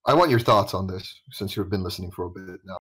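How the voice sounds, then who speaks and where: A man's voice: deep voice, fast talker, a bit bright, breathy edge, low-quality recording. A man hosting a voice call, talking bluntly and swearing, checking facts with the others as he goes. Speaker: channel host leading a voice call. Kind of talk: casual heated call chat. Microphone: voice chat call.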